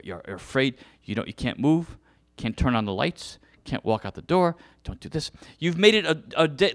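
A man voicing Jesus in a sermon, delivering a grave, earnest rebuke that drops to a hush. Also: fairly high pitch, natural voice. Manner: earnest rebuke, sinking into a hushed whisper. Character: Jesus rebuking religious leaders, grave and stern.

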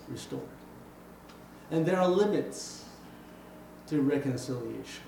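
A man preaching a sermon in an earnest, measured way, often filling pauses with "you know". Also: fairly high pitch, dark tone, a little hiss or hum.

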